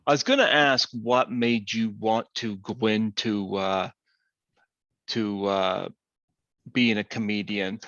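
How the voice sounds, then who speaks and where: A man's voice: lowish voice, gravelly, a bit bright, no echo, dull audio. A man hosting a podcast interview, hesitant, with many ums and uhs. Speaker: podcast host. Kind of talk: casual interview talk.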